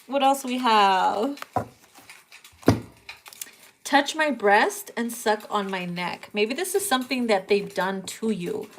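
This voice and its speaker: Slow, crude, laughing tarot reader woman. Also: fairly high pitch, a little hiss or hum. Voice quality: crude, joking, laughs often. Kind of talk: casual tarot reading.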